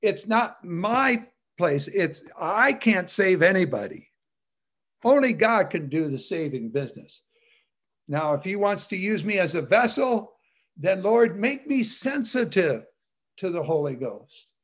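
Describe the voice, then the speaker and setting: A man's voice: high voice, sing-song, measured pace, a bit bright. A man sharing a rambling personal testimony with fellow believers, chatty and full of "you know" fillers with frequent chuckles.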